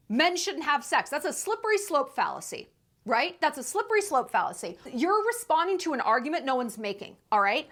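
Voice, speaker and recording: High, lively sarcastic woman ranting. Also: a little fast. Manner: sarcastic, incredulous, emphatic. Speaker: commentary YouTuber. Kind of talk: sarcastic commentary rant.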